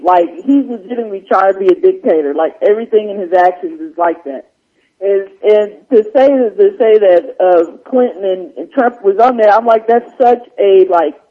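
A man's voice: high-pitched, phone-quality sound. A man joining a radio show, talking loosely in a rambling, restart-heavy way. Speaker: radio co-host. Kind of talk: casual on-air discussion.

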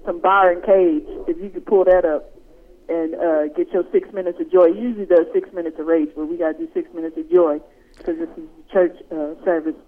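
A high-voiced man chats on a radio show, rambling through stories and breaking into laughter. The sound is thin and phone-like. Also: fairly even intonation, a little fast. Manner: rambling, laughing, playful storytelling. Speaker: radio co-host. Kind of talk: joking radio chat. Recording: tinny phone-like radio audio.

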